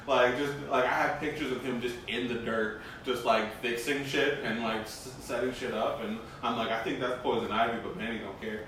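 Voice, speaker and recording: A laid-back man chats on a podcast, dropping swear words as he goes. His pitch is ordinary. His voice echoes around a room, away from the mic, over a faint hiss. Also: steady tone, normal speed, few pauses, a bit bright. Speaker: podcast co-host. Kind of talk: casual podcast chat. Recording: roomy room, distant mic, faint noise.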